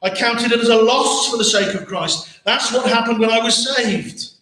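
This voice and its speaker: A man's voice: very high-pitched, moderate pace, pushed and bright. A man with an English accent preaching a sermon as pastor, earnest, with many rhetorical questions and repeated words. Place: church hall. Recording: very echoey church hall.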